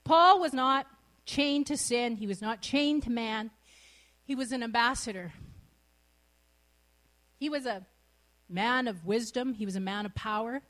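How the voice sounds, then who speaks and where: A woman's voice: fairly high pitch, a little slow, long pauses, fairly bright tone. A middle-aged woman preaching a sermon, exuberant and laughing often as she speaks.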